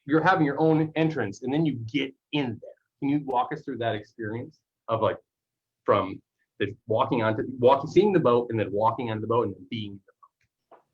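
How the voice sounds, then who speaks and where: A man's voice: medium pitch, a little fast, breathy edge, muffled recording. A man hosting a podcast and asking rambling, chatty questions. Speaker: podcast host. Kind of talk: casual interview chat.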